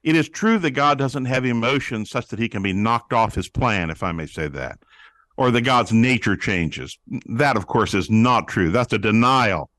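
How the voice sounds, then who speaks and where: A man speaking as a guest on a talk show about prayer, explaining scripture in an animated preaching manner and acting out quoted voices. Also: mid-range voice, moderate pace, no echo. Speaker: guest, pastor-author on prayer. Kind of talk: teaching interview answer.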